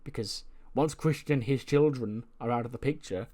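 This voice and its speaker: A man voicing a calm, persuasive wrestler who reasons with others to make peace in a game story. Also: mid-range voice, normal speed, natural voice. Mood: placating. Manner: reasoning, placating.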